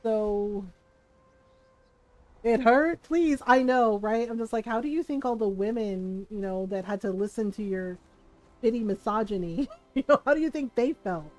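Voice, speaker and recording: A woman game streamer chatting casually while she plays, animated, laughing often and swearing freely. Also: mid-range voice, normal speed. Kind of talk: casual chat while playing a life-sim game.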